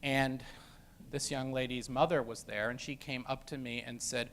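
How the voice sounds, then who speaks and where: A man's voice: mid-range voice, level tone, moderate pace, a bit bright. A middle-aged man, an education professor, telling a story from his teaching days in a casual lecture style with many fillers and restarts. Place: university lecture room.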